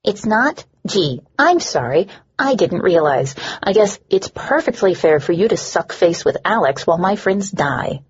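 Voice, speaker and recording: A woman's voice: fairly low pitch, very animated, measured pace, husky, exaggerated voice. A woman voicing a bitter, sarcastic changeling woman who speaks curtly. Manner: sarcastic, curt. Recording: dull lo-fi recording.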